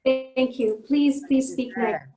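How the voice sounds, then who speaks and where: Female memorial host, mellow tone, roomy echo, calls on speakers. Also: high-pitched, takes it slowly, faint music behind. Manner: gentle, calling on speakers one by one. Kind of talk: moderating a video call. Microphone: video call.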